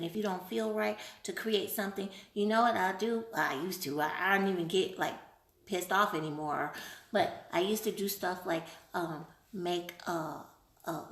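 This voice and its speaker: A woman hosting a casual live stream, playful and animated, laughing often while she answers viewer questions. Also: on the low side, creaky, echoey room. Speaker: livestream host.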